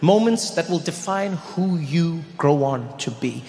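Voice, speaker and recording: A man doing stand-up in a large live venue, telling a story with animated delivery and shouted punchlines. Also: on the high side, measured pace. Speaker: stand-up comedian. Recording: live show in a reverberant venue.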